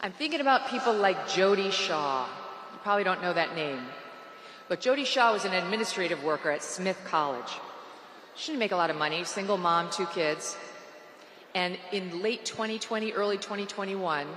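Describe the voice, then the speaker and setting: A woman's voice: fairly low pitch, expressive, moderate pace, fairly bright tone, slight background noise. A woman giving a political rally speech in a large venue, with a mocking, sarcastic and punchy delivery. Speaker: rally speaker. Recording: echoey arena PA reverb.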